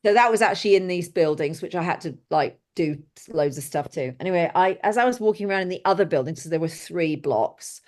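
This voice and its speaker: A middle-aged woman telling lively, blunt stories as an interview guest. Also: lowish voice, fairly quick, hardly any pauses. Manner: lively anecdotal, blunt and exclamatory. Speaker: guest, film set decorator. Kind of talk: casual interview storytelling.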